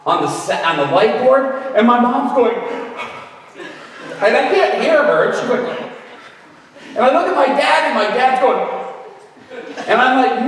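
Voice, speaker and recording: A man preaching, telling a story in an animated way and acting out the voices of the people in it, with shouted bursts. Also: very high-pitched, unhurried, pauses often. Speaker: guest preacher. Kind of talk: storytelling sermon. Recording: roomy hall, far from mic.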